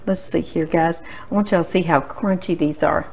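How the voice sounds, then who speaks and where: A woman's voice: fairly low pitch, steady tone, moderate pace, gravelly, a little mellow, a little hiss or hum, low-quality recording. A woman hosting a home cooking demonstration, chatty and folksy, talking straight to her viewers. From Louisiana. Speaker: cooking show host. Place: home kitchen.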